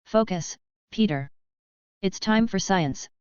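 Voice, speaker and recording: A woman's voice: mid-range voice, animated, slow pace, clean tone, dry recording. A woman narrator voicing an eager, clever young male scientist, lightly voiced within the narration. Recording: dull lo-fi recording.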